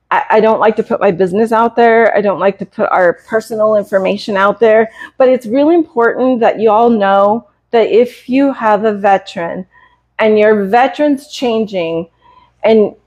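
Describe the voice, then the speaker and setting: A woman in her fifties from the United States, a cat breeder on a live stream, telling a hard personal story in a halting, earnest, emotional way. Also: medium pitch, a little mellow. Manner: halting and earnest, with many hesitations. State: emotional, close to tears.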